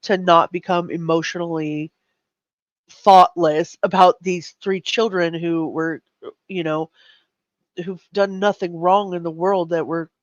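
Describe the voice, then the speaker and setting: A man's voice: a little high, steady tone, measured pace, dry recording, lo-fi sound. A man hosting a live true crime chat, earnest and emotionally shaken, often stumbling over his words. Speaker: host.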